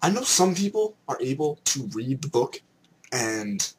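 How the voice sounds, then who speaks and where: A young man from Canada ranting excitedly in a vlog, slipping into mock voices as he goes. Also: mid-range voice, unhurried, slight background noise. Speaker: vlogger.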